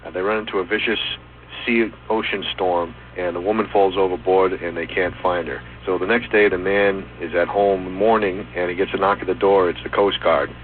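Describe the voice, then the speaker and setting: A male caller with a very deep voice tells a long joke, steady and unhurried, with a few fillers. He comes through a tinny phone line with a faint hiss behind him.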